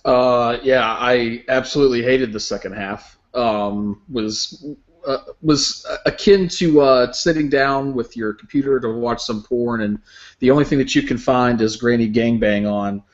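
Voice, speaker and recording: A man's voice: mid-range voice, measured pace, muffled recording. A man on a casual football podcast panel, blunt with crude jokes.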